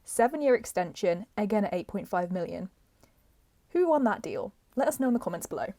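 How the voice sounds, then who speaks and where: A woman, the podcast's editor, reading a short scripted update. Her delivery is brisk and informative, at an ordinary pitch. The sound is dry and close-miked. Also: animated, dark tone, no room sound.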